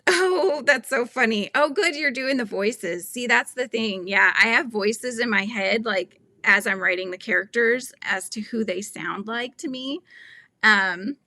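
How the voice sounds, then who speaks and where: A woman's voice: on the high side, unhurried, bright, forceful tone, dry recording. A woman from the United States, a children's book author chatting casually on a live stream, rambling and laughing often.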